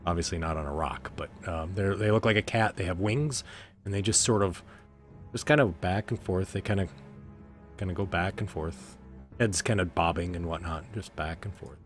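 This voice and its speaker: A man narrating a tabletop game as game master, slow and hesitant with lots of fillers. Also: low voice, soft background music.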